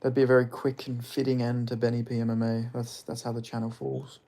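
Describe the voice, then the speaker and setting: A man's voice: medium pitch, monotone, brisk, mellow. A young man, chatting casually and crudely on a live stream, rambling with lots of fillers.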